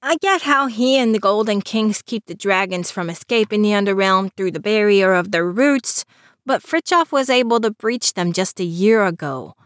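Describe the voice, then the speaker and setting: A woman's voice: mid-range voice, expressive, normal speed, no echo, studio quality, natural voice. A woman voicing an anxious young man who whines and speaks dryly. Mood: whiny. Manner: whiny, sarcastic.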